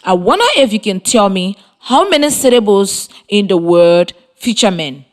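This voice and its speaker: A woman, giving a scripted radio lesson for children in slow, deliberate, encouraging instructions. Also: medium pitch, lively intonation. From Liberia. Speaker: radio teacher.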